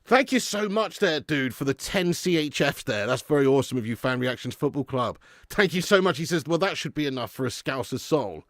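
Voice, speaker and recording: A man's voice: medium pitch, expressive, a little fast, few pauses, fairly bright tone, no room sound, clean studio sound. A man hosting a live football watch-along, joking and laughing as he thanks viewers for super chats.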